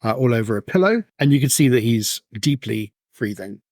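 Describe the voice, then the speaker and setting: A man's voice: medium pitch, animated, a little fast, darkish tone, no room sound. Male game master, mid voice, dry close mic, rambling casual narration. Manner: rambling, filler-heavy description.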